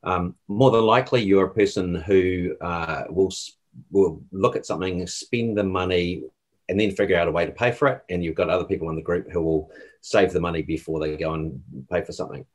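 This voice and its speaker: Deep husky man explaining calmly. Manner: measured, explanatory, with fillers. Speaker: guest, personality profiling expert. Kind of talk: casual explanation.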